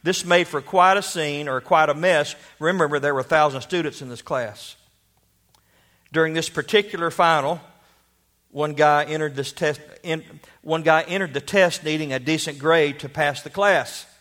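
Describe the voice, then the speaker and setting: Higher-pitched male preacher telling a story. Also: moderate pace, a bit bright. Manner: storytelling, rhetorical questions. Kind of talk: sermon with storytelling.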